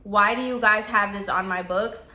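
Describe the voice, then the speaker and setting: A woman mimicking a whiny middle-aged female hairstylist who complains constantly, in a lower, quieter grumble than her own voice. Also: steady tone, moderate pace. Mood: demanding. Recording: echoey room.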